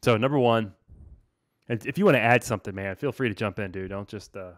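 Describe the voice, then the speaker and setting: A man hosting a casual podcast as a financial planner, talking in an energetic, laid-back way full of slang. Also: lowish voice, quick pace, no room sound, clean studio sound.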